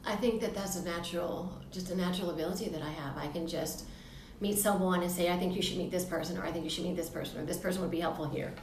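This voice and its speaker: A woman, a chamber of commerce representative, chatting as a podcast guest, eager and quick to agree. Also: lowish voice. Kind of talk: casual interview chat. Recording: roomy with faint background noise.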